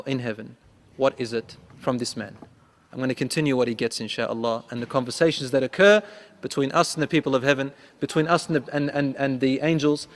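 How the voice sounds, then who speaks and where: Preacher man in a reverberant hall. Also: mid-range voice. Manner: storytelling, acts out dialogue with rising voice; recites Arabic quickly. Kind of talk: sermon.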